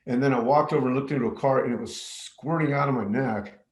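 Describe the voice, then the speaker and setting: Man, hesitant storyteller, halting with fillers, mid-pitched, echoey room. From New Mexico. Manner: hesitant, many fillers and restarts. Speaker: middle school special ed science teacher. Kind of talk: personal story told to camera.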